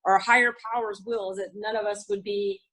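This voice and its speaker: Husky, frank woman sharing her recovery. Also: medium pitch, steady tone, fairly quick, a bit bright, low-quality recording. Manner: frank and confessional, swears freely, restarts often. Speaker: speaker sharing at a recovery study group. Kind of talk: candid recovery group share.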